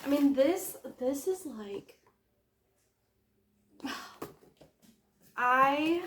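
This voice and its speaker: A woman's voice: high voice, slight background noise. Gushing woman in an echoey room. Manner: gushing, excitable, drawn-out exclamations. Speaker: book vlogger. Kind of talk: casual vlog chat.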